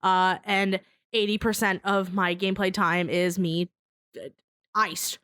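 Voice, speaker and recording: A woman telling a story in casual podcast chat, animated and laughing often, swearing freely. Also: medium pitch, a little slow, clear, resonant tone. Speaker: podcast guest.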